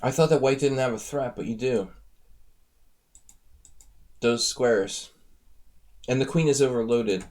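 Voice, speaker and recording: Speaking a little slowly with long pauses, a man with a medium-pitched, slightly mellow voice coaches chess live on stream. He chats casually, analyzes viewers' games aloud, and talks directly to his audience.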